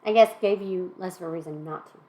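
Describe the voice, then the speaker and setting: Low-voiced woman gently asking questions. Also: fast. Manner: gentle, supportive, many mm-hmms. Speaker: host, older sister interviewing. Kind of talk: conversational interview.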